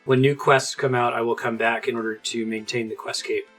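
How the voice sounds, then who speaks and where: A man's voice: medium pitch, level tone, brisk, fairly bright tone, soft background music. A man hosting a let's play, giving chatty, enthusiastic commentary with lots of casual fillers.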